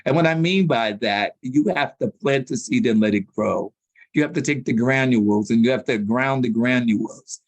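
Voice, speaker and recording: A man telling stories as a guest in a sit-down interview, animated and slangy. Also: medium pitch, normal speed, dry recording. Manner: animated storyteller with street slang. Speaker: public relations consultant, interview guest.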